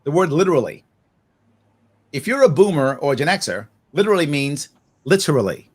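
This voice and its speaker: A man in his forties, a guest on a podcast interview, talking off the cuff in an animated way, laughing often and acting out other people's voices. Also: a little high, fairly quick.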